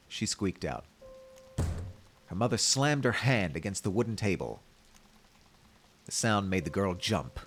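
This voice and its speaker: A man streaming, reading a game's story aloud with measured, wry asides. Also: deep voice, sing-song, vocal fry, slight background noise. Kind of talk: reading a game aloud with commentary.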